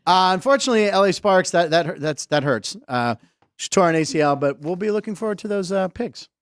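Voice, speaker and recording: A man's voice: sits high, expressive, clean tone, no echo. A man hosting a sports comedy podcast from a studio desk, chatting casually with a jokey, rambling manner. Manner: jokey, rambling, quick asides. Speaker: host.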